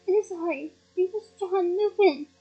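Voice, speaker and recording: A woman's voice: very high voice, unhurried, dull audio. A woman voicing a middle-aged male wizard and new father who exclaims, breathless with happiness. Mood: urgent.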